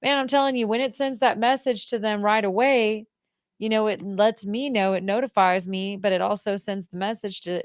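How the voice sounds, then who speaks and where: A woman's voice: medium pitch, steady tone, moderate pace, dry recording, studio quality. A woman from the United States hosting a radio show, casual and jokey, laughing at herself as she chats. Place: radio studio.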